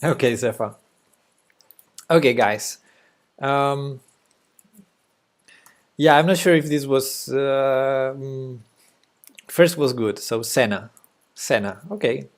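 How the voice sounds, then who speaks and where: A young man with a Spanish accent, a native Spanish speaker, giving casual live-stream chess commentary in a hesitant way with fillers and soft laughs. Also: medium pitch, slow pace, long pauses.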